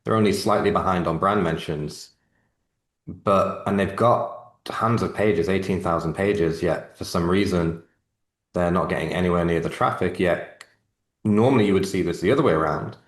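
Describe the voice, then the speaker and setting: A man's voice: low voice, roomy sound. A man co-hosting a casual marketing webinar on a video call, explaining things step by step. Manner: measured, explains step by step, repeats words while starting. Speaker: webinar co-host.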